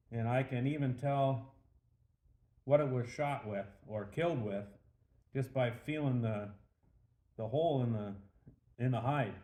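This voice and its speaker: A man's voice: mid-range voice, mellow, lightly acted. A man voicing a bragging big game hunter in a told joke, in an echoey room.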